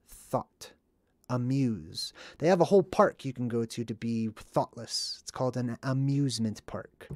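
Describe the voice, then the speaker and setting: A man giving casual, earnest commentary on a film, stressing key words slowly and with emphasis. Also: mid-range voice, darkish tone, dry recording, studio quality. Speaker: movie commentary vlogger.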